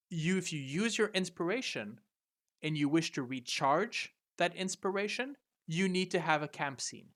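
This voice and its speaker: A man's voice: on the high side, a bit bright. A man running a tabletop game over a video call, explaining the rules in a hesitant way, with many fillers and restarts. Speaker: game master.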